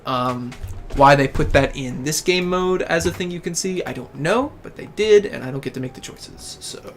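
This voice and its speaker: A man's voice: fairly high pitch, slight background noise. A man with a Southern US accent from Tennessee, hosting a casual live gameplay stream, rambling and joking with his co-players. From Tennessee, USA. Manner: rambling, chatty, quick to joke with co-players. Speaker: game streamer host.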